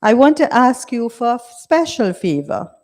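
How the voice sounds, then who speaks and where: A woman's voice: on the high side, big pitch swings, normal speed, darkish tone. Frail dying mother, as a woman narrator voices her. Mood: pleading. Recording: reverberant hall.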